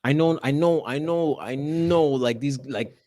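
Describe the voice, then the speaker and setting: Lively man telling a story, dry sound. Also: on the high side, a little slow, dry recording. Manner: animated, laughing storyteller who slips into acting out the people in his story. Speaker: teacher telling a story on a podcast. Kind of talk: casual storytelling chat.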